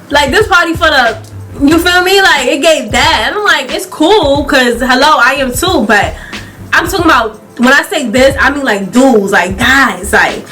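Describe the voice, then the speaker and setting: A young woman with a high, bright voice spins a lively story-time tale for her channel, laughing through it and playing out the people she quotes. Soft music plays faintly beneath her talk. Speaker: YouTuber.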